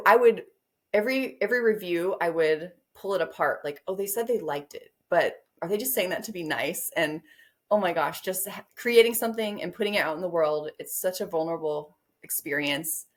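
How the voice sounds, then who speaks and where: A woman guest author in casual interview chat, rambling a bit and laughing often. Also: fairly low pitch.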